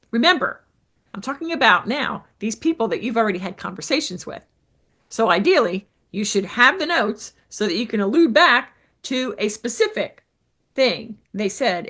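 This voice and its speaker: A woman's voice: medium pitch, fairly bright tone. A woman coaching business owners on sales, with an upbeat, emphatic delivery, often checking in with "right?". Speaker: business coach and show host. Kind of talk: coaching talk to camera.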